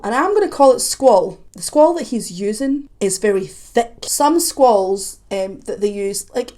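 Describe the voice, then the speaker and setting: A woman commenting on a song as a vocal coach, chatty and analytical, with quick asides. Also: medium pitch, mellow. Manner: analytical, breaks off to sing snippets. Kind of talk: reaction video commentary.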